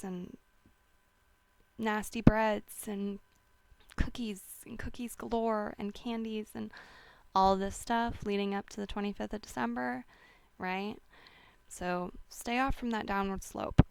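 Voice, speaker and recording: Slow-talking woman with a gravelly voice. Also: mid-range voice, no room sound. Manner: slow, rambling, with many fillers and restarts. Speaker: wellness host. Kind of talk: casual advice talk.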